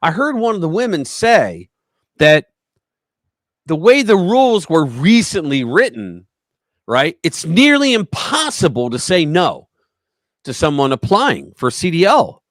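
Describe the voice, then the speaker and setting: A male livestream host reading and reacting to news stories with a mocking, animated delivery. His pitch sits somewhat high and swings widely, and the sound is dry and close. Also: a little slow, no room sound. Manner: animated, mocking, tells anecdotes. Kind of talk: opinionated news commentary.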